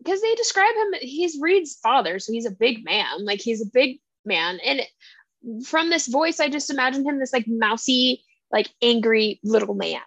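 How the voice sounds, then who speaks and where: Young female co-host, high and dry, chatty, acts out quotes. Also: moderate pace, no echo. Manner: animated, full of asides and acted-out quotes. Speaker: podcast co-host. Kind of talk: casual chat about books.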